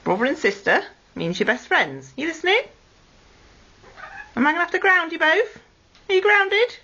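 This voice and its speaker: Lively high-voiced woman cooing at parrots. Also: moderate pace. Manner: coaxing, affectionate scolding. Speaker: pet owner. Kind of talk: baby talk to pet parrots. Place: home room with parrot cages. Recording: lo-fi 2008 home video with faint noise.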